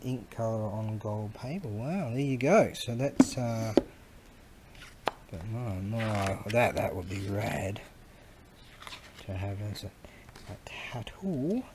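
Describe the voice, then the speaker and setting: A middle-aged man with an Australian accent rambles along in a relaxed vlog, dropping slang. He talks slowly at an ordinary pitch. A faint hum of noise sits under the voice. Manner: slangy, wandering, chuckling storyteller. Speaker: vlogger. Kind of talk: casual rambling commentary.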